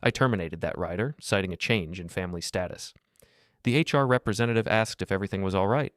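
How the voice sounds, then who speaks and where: A man giving calm, cold, measured first-person scripted narration. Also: sits low, clean tone, dry recording, studio quality.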